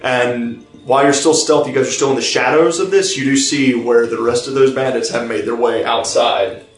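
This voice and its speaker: Halting man running a tabletop game. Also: mid-range voice, fairly even intonation. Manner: halting, many fillers and restarts while describing scenes. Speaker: game master. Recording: roomy, distant mic, faint music behind.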